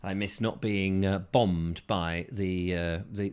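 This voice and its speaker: A man's voice: lowish voice, measured pace, few pauses, a little mellow, clear, resonant tone. A man hosting a call-in show, chatting playfully and rambling through jokes. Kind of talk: casual chat.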